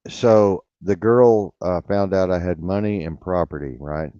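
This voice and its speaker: A man's voice: deep voice, a little slow, dark tone, no room sound. An older man telling a rambling, blunt and profane story in casual talk, repeating himself as he goes. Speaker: radio show host. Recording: dull lo-fi radio sound.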